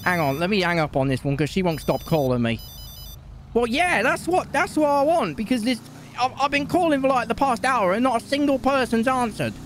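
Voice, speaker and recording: A man's voice: very high voice, animated, fairly quick. A man in a role-play phone call, agitated, swearing and haggling for money. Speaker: streamer playing a street dealer character. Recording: game car noise behind.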